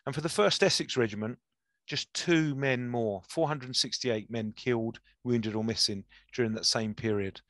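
A man giving a history lecture, reading a soldier's memoir aloud with lively enthusiasm and acting out the quoted dialogue. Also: mid-range voice, normal speed, dry recording.

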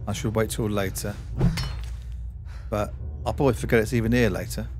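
A man's voice: fairly low pitch, steady tone, a little fast, over loud music. A man streaming a game, giving chatty let's-play commentary and talking to himself and to objects on screen.

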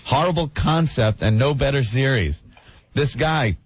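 A man's voice: medium pitch, expressive, unhurried, breathy edge, no echo. A young adult man co-hosting a radio show, bantering in a sarcastic, mock-enthusiastic way and laughing often. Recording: slightly dull lo-fi radio recording with faint hiss.

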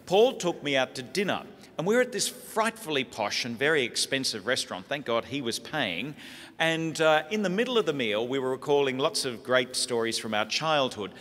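An Australian priest telling funny family stories in a lively sermon talk. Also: male voice, mid-range voice, normal speed. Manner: lively comic storytelling. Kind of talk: humorous sermon storytelling. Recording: echoey hall.

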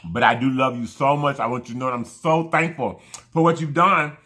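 A man's voice: medium pitch, fairly quick, bright, forceful tone. A man chatting casually to camera while eating, effusive and rambling, thanking his viewers again and again. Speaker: mukbang vlogger.

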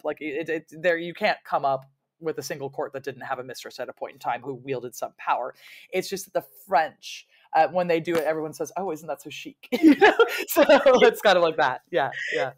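This woman historian, who lives in London, wanders off on tangents as a guest in a casual interview, lively and quick to laugh, tossing in playful mock quotes. Her voice sits low.

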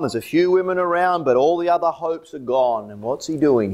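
A man with an Australian accent preaching a sermon as pastor, swinging between loud emphatic lines and low hushed ones. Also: animated, brisk, few pauses.

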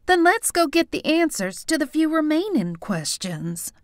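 A woman's voice: high voice, sing-song, measured pace, dry recording, clean studio sound, pitched above the performer's own voice. A woman voicing a newly turned young vampire woman who speaks earnestly and pleadingly in an audiobook.

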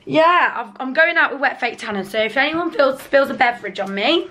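A woman's voice: sits high, expressive, fairly quick, bright, forceful tone, slight background noise. A woman in her twenties chatting casually to the camera in a rambling, chatty way, sometimes swearing when annoyed, filmed on a dashboard camera in a car. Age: 20s. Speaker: vlogger. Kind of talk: casual vlog chat.

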